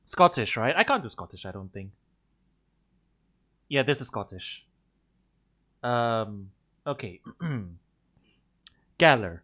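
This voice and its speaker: A man's voice: medium pitch, sing-song, slow, long pauses, sharp tone. A man streaming a game, chatting casually and laughing often, poking fun at himself as he reads along. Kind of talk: casual gameplay commentary.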